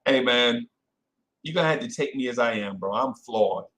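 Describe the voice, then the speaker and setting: A man hosting a casual fan podcast, animated and self-correcting, calling out listeners by name. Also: mid-range voice, normal speed. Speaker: podcast host. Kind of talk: casual live-stream chat with fans.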